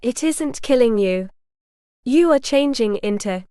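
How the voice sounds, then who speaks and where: A grave, ancient male vampire with stiff, formal diction, voiced in a smooth, clear tone by a woman reading an audiobook. The sound is close and dry, with no room around it. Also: fairly high pitch, animated, unhurried, mellow, dry recording.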